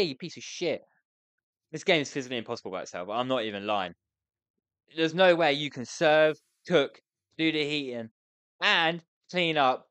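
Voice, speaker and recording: A woman rants through her let's play commentary, flustered and swearing at everything that goes wrong. Her voice leaps up and down in pitch, and the recording is dry with no room sound. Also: lively intonation, moderate pace, fairly bright tone, smooth, no room sound. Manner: exasperated, swearing, ranting at the game; stressed and flustered. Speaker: gamer playing a restaurant sim.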